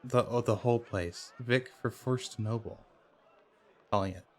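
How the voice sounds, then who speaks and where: A man playing a dice game in a video game, commenting casually and reacting loudly to close calls with laughs and swearing. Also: medium pitch, a little slow. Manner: reads in-game dialogue aloud in plain voice. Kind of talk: casual let's play commentary.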